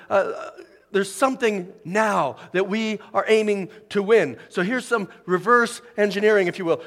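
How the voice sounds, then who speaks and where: A man's voice: high-pitched, big-room sound. A man preaching a sermon as pastor, building to emphatic peaks. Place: church sanctuary.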